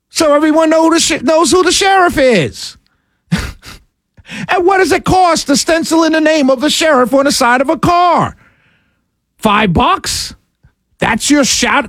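A man's voice: very high voice, a bit bright, no echo. A man hosting a talk radio show, ranting with sarcasm and passion and laughing between his points. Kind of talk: opinionated radio monologue.

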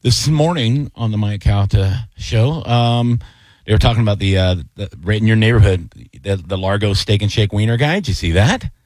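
A man's voice: on the low side, expressive, moderate pace, darkish tone, no room sound. A man hosting a radio show, chatting casually in a laid-back, rambling way full of fillers.

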